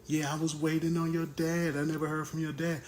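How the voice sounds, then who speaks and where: A man's voice: on the high side, little pitch movement, fairly quick, a little mellow, pitched above the performer's own voice, natural voice. A man putting on the voice of a defensive, evasive woman who is a mother of young children, while retelling an argument.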